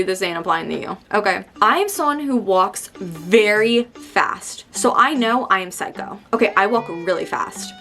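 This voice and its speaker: A young woman vlogging in a casual ranting monologue, animated and exasperated, repeating herself for emphasis. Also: mid-range voice.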